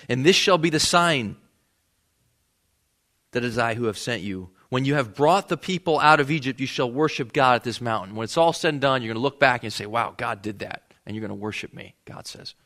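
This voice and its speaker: A man's voice: on the high side, a bit bright. A man preaching a sermon, reading scripture and explaining it in a conversational way, acting out the lines of the people in the text. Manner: conversational, acts out the characters' lines in the passage. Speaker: pastor.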